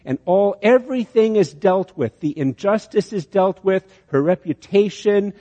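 A man preaching in a large hall with a long reverb trailing each phrase. His voice sits a little high yet sounds mellow and relaxed, and the recording is muffled and lo-fi. He tells his story with frequent restarts, rising to emphatic peaks. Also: a little slow. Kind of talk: sermon.

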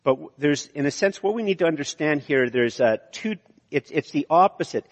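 A man's voice: a little high, lively intonation, brisk. A man preaching a sermon, explaining the text in a conversational way with frequent fillers. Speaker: pastor. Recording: lo-fi reverberant hall.

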